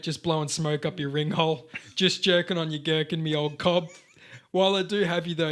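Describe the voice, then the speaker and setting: A man's voice: fairly high pitch, fairly bright tone, close to an everyday voice. A man with an Australian accent putting on a crude, chummy middle-aged Aussie bloke with a teasing, matey manner. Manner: blokey, matey, teasing, laughing through lines.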